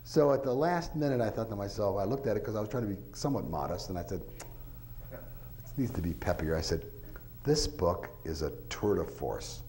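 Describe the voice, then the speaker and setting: A man's voice: fairly low pitch, expressive, fast talker, dark tone, a little hiss or hum, rough recording. A man, an author, giving an informal talk to an audience, rambling through anecdotes with lots of filler phrases and acting out quoted voices.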